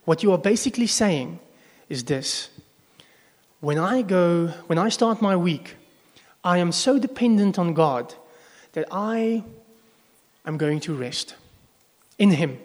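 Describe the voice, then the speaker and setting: Male pastor, a bit high-voiced, chatty sermon that quizzes the congregation, live in a reverberant church hall. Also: lively intonation, slow pace, a little mellow. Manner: conversational, asks the congregation questions. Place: church service before a congregation. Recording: long echo of a large hall.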